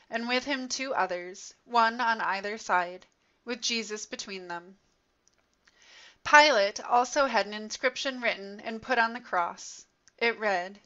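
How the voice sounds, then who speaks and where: A woman reads scripture aloud at an unhurried, deliberate pace, each phrase measured and solemn. Her voice sits a little high and bright. The recording sounds dull and lo-fi. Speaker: scripture reader. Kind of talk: slow scripture reading. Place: church.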